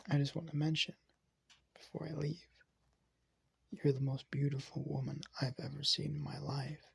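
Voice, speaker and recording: A man voicing a nervous, earnest male angel soldier in love, in soft half-whispered lines with a raspy, gravelly voice. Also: on the high side, level tone, normal speed, no echo, full character voice.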